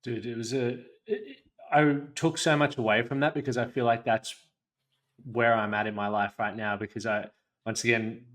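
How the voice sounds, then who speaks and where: A young man hosts a podcast, speaking reflectively, earnestly, and casually in a conversational interview. His voice is medium-pitched and a bit bright, with a steady tone and moderate pace.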